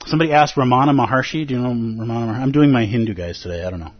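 A man's voice: medium pitch, very fast, few pauses, highs cut off. A man giving a dharma talk as a meditation teacher, earnest and pleading, with playful asides.

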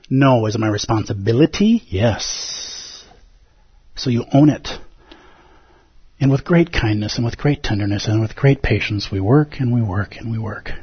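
A man with a husky, slightly breathy voice gives a casual, playful Zen dharma talk to his group. The recording is dull and lo-fi, with a dry, close sound and no room around it. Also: mid-range voice, no room sound. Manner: conversational and playful, with frequent "like" and "right?". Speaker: Zen meditation teacher.

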